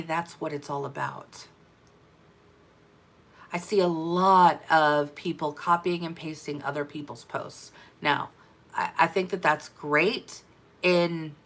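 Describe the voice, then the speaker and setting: A woman coaching her sales team in an energetic, emphatic talk, repeating her key phrases for effect. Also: fairly low pitch. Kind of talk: motivational business talk to camera.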